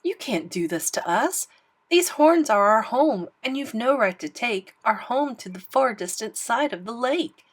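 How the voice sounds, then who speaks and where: A woman's voice: on the high side, lively intonation, unhurried. Brief: selfish shrieking critters, put on by a woman reader. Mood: demanding. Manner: screaming, demanding. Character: selfish, shrieking crowd of animal guests.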